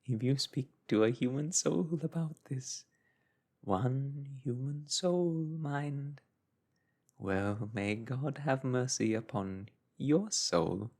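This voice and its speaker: Guy whispering a creepy older man, slow and quiet menace, breathy storybook whispered role-play. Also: mid-range voice, lively intonation, full character voice. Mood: quietly menacing. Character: sinister older man, softly menacing, giggling.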